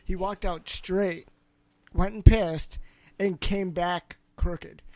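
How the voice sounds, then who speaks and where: A man's voice: high voice, steady tone, slow, darkish tone, no room sound. A man co-hosting a podcast in casual chat, easygoing and laughing often.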